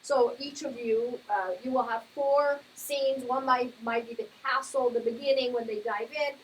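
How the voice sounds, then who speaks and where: An encouraging woman instructor giving a classroom critique in a somewhat high voice. She keeps asking whether her ideas make sense. A faint hiss runs under the recording. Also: fairly even intonation, moderate pace, rough recording. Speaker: art instructor.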